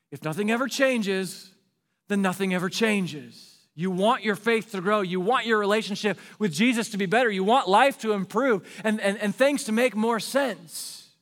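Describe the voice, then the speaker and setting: A man's voice: high voice, normal speed, a bit bright, big-room sound. A male pastor preaching a sermon in an earnest, pleading way, repeating rhetorical questions to the congregation.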